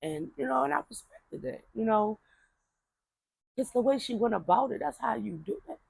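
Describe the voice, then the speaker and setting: A woman with a fairly high, creaky voice that has a breathy edge tells a family story at a moderate pace, casually rambling with repeated words and fillers and acting out relatives' voices in quotes. There's no echo, though the recording is low quality.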